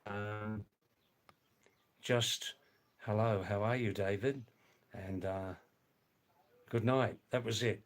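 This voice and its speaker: An older man hosting a casual live stream from home, reading viewer comments in a slow, rambling way and repeating his words. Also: fairly low pitch, fairly even intonation. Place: home in a small farming hamlet.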